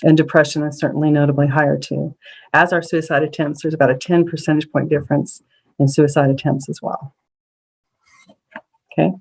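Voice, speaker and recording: Measured presenter walking through survey slides. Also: medium pitch, flat delivery, gravelly, slightly rough, low-quality recording. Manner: measured, explanatory, with frequent ums and small restarts. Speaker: presenter at an advisory council meeting.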